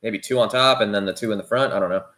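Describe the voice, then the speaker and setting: A man co-hosting a podcast in casual chat, excitable and rambling with frequent restarts. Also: fairly low pitch, very fast. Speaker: podcast co-host. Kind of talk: casual chat about toys and movies.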